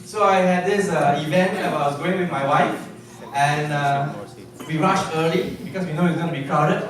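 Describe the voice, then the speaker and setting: A man giving a sales seminar to a live audience, constantly checking in with quick questions. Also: fairly high pitch, far from the mic, a crowd in the background. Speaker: sales trainer. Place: large hall with an audience. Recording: echoey hall, mic from afar, audience.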